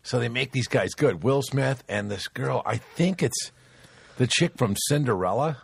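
A man's voice: mid-range voice, animated, measured pace, vocal fry, slightly rough, no echo. A man hosting a crude, casual podcast chat, rambling through movie scenes with lots of swearing. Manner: rambling retelling of movie scenes, profane, laughing. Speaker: podcast host.

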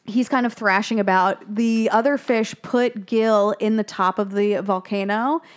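A woman's voice: steady tone, unhurried, smooth. Chatty young woman recapping a film. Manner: chatty, swears freely, acts out characters' lines in higher voices. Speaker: podcast co-host recapping a film. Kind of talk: casual chat.

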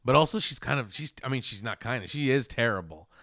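A man co-hosting a casual film podcast, animated and swearing freely as he acts out lines from the movie. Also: mid-range voice, fast, no echo, studio quality. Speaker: podcast co-host.

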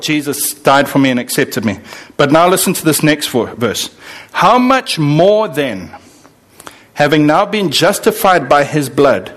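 Male pastor preaching, high voice swooping all over, asks the crowd stuff and answers himself. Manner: animated, acts out voices of believers and God; asks the congregation questions and answers them. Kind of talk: sermon.

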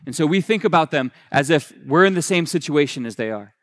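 A man with a fairly high voice preaches a sermon from the pulpit. He talks in a loose, conversational way, restarting and correcting himself as he goes. He retells scripture in plain everyday words. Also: lively intonation, fairly quick, fairly bright tone. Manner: retells scripture in casual paraphrase. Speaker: pastor.

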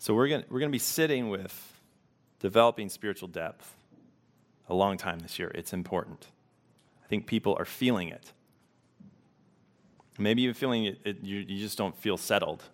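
A man preaching a sermon as pastor, reflective and unhurried, pausing to let questions sink in. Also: sits low.

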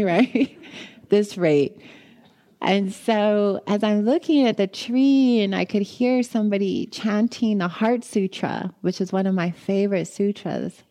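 A woman giving a dharma talk, telling a personal story in an animated way and acting out her own thoughts with laughter. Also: on the low side, a little slow. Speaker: meditation teacher.

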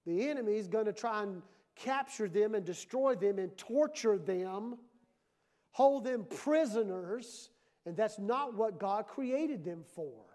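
A woman's voice: mid-range voice, expressive, measured pace, dark tone. A woman pastor preaching a sermon in a church, emphatic and conversational, often acting out the voices she quotes.

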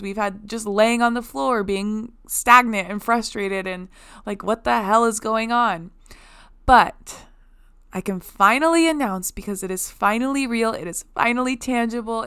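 Bubbly young woman podcast host, smooth voice. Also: mid-range voice, fairly bright tone. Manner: bubbly, effusive, gushing gratitude. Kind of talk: casual podcast monologue.

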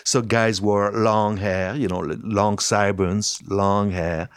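An older man with a French accent tells his story in a very low voice. He talks freely, restarting phrases and laughing easily. The sound is close and dry. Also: fairly even intonation, takes it slowly, clean tone, dry recording. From France. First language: Italian and French. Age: 70s. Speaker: hairstylist guest. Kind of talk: conversational interview.

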